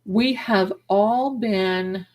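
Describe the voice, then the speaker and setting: A woman's voice: medium pitch, extremely slow, a little mellow. A woman hosting a live stream as a psychic, rambling affectionately while she reads comments aloud.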